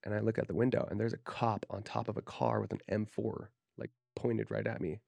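A low, gravelly male voice from Utah, talking as a podcast guest. He is frank and profane, and he acts out the lines he and others said. The sound is close and dry, with no room in it. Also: brisk, a little mellow, dry recording. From Utah, USA. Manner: candid, profane, acts out quoted speech. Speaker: podcast guest, tattoo artist. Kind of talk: casual storytelling interview.

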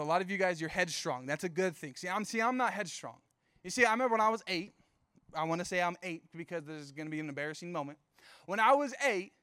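Young guy youth pastor, high clear voice, dry close sound, chatty storytelling sermon. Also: a bit bright, no echo. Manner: casual, storytelling with playful asides.

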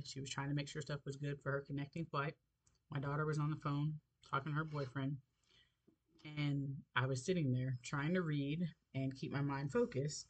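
A middle-aged woman hosting a faith podcast, telling a personal story in an expressive, animated way with light laughs. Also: low-pitched, breathy edge, rough recording. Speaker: podcast host.

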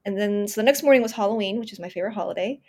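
A woman's voice: mid-range voice, racing, a little mellow. A woman of about thirty, a podcast guest telling a personal story earnestly and with emphasis, often restarting and acting out her inner dialogue. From Northern California. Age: 30s.

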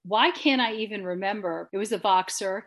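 A woman's voice: medium pitch, brisk. A woman co-hosting a podcast in casual chat, giggly and rambling, poking fun at herself. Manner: giggly, rambling, self-mocking. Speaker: podcast co-host.

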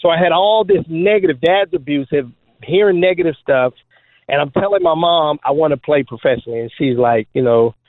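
A man who is a former trick basketball player, guest on an interview show, telling stories in an animated, joking way with many fillers. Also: a little high, fairly quick, dry recording. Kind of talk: storytelling interview talk. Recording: phone-like dry line.

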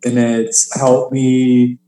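A man's voice: medium pitch, level tone, very slow, mellow. Chatty comedian man in a roomy space. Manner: chatty, fills with "like" and "you know". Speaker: stand-up comedian guest. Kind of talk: casual podcast conversation.

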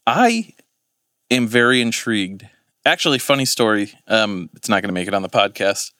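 A man's voice: lowish voice, animated, moderate pace, sharp tone, dry recording, studio quality. A man, co-hosting a podcast in casual chat, rambling and swearing as he corrects himself. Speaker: podcast co-host.

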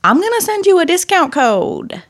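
A woman's voice: very high-pitched, moderate pace. A young woman co-hosting a podcast, explaining things casually with lots of fillers. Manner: lively, explains with many fillers. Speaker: podcast co-host. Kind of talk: casual chat.

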